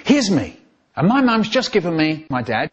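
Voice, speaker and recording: A man telling comic stories in an animated, exaggerated way, with sudden leaps in pitch. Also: normal speed, husky, muffled recording. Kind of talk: spliced comic storytelling.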